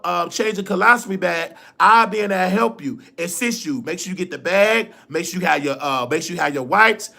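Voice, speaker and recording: A man with a high, bright voice and a gravelly edge hosts a live stream. He tells a personal story in loose, colloquial talk, animated and full of feeling. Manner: animated, colloquial, emotional retelling. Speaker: livestream show host.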